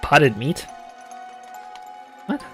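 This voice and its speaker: A man's voice: fairly high pitch, wildly swooping pitch, very slow. Male streamer, casual and jokey, sarcastic commentary over faint music. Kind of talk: casual let's-play commentary.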